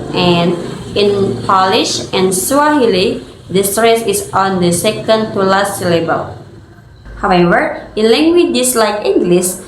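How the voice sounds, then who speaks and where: Slow, careful young woman student presenter. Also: fairly high pitch, a little hiss or hum. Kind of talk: class presentation. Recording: echoey room.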